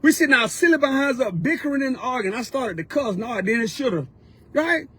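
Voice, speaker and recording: High-voiced fervent man preaching. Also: expressive, brisk, fairly bright tone, husky. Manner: fervent, repetitive, colloquial exhortation. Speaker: mentor and motivational speaker. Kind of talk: preaching-style motivational talk.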